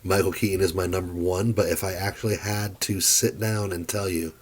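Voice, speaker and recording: A man's voice: low voice, steady tone, a little fast, breathy edge. A man in his thirties co-hosting a podcast, giving emphatic, opinionated takes on films in casual chat, swearing now and then. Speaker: podcast co-host. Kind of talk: casual film discussion.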